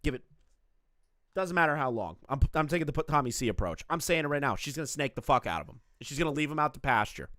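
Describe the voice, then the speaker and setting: On a live commentary stream, a man rants with sarcasm and profanity, sounding exasperated, his pitch jumping around. His voice is expressive, quick, pushed and bright with no echo, captured through a streaming setup with a camera.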